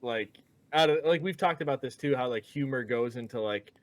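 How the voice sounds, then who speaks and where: Man, podcast co-host, easygoing and rambling, medium pitch, dry room. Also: fairly quick, no room sound. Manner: laid-back, leans on "like" as filler. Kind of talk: casual review chat.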